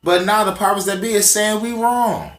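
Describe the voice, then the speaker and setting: A man's voice: high-pitched, normal speed, reverberant, soft background music. A man ranting casually to the camera, profane and emphatic as he tells stories from memory. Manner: profane, emphatic, conversational storytelling. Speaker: vlogger.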